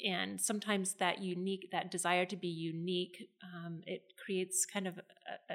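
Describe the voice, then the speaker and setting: A woman's voice: on the low side, fairly bright tone. A woman co-hosting a podcast, speaking reflectively and thoughtfully, laughing easily. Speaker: podcast co-host. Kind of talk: casual podcast chat.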